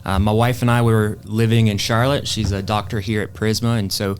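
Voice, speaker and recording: Low-voiced man from South Carolina. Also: flat delivery, a little fast, slight background noise. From Greenville, South Carolina. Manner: chatty storyteller, frequent um and uh. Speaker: guest, bourbon society president. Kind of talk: interview conversation.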